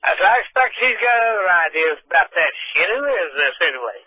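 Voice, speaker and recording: A gruff, irritated man on a phone call, swearing as he demands to know who is calling. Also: high voice, sing-song, a little fast, no echo. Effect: phone line. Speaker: prank call target. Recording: tinny phone line.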